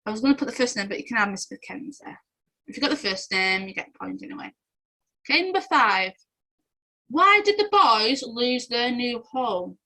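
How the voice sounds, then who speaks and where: A woman's voice: fairly high pitch, pushed and bright, rough recording. Giggly woman reading quiz answers. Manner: giggly, chatty, often breaks into laughter. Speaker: quiz host. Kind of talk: casual quiz answer walkthrough.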